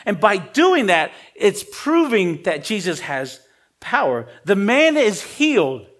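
Slightly high-voiced casual male preacher. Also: big pitch swings, slow. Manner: casual, conversational preaching with slang; swings between emphatic rises and quiet drops. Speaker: pastor. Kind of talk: sermon.

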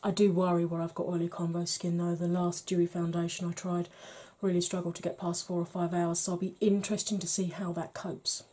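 A woman's voice: on the low side, level tone, fairly quick, hardly any pauses, warm tone. A middle-aged woman chatting frankly to camera in a makeup review, slipping into a half-whisper while she blends and cracking dry jokes. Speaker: beauty vlogger.

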